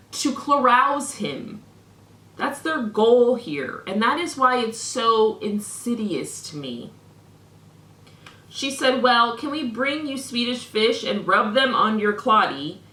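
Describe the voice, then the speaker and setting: Young woman vlogging, snarky and fake-outraged, bright voice in an echoey room. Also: mid-range voice. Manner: sarcastic, mock-indignant. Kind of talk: reading messages aloud with commentary.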